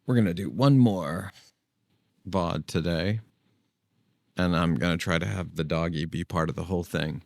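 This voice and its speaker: A man's voice: sits low, moderate pace, gravelly, long pauses, darkish tone, no room sound, studio quality. A man hosting his own channel, talking casually and thinking aloud with frequent restarts. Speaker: tech channel host. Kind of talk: casual solo video talk.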